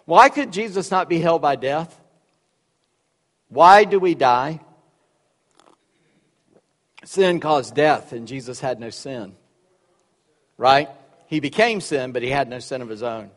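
A man's voice: mid-range voice, lively intonation, slow, long pauses, long reverb tail. A man preaching a sermon in a conversational, storytelling way with joking asides. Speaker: pastor.

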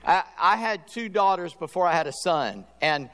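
An older man delivers a sermon in a somewhat high voice, telling animated stories. His voice carries a long reverb, as if he were preaching in a big church hall. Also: normal speed, smooth. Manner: storytelling, animated, acts out voices in anecdotes. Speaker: pastor.

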